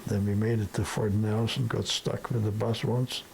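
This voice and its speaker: A man's voice: on the low side, level tone, normal speed, vocal fry, darkish tone, slight background noise, poor audio. An older man from the Sudetenland reminiscing in a rambling storytelling way, tacking questions onto his sentences. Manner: rambling, peppered with tag questions. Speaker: interviewee.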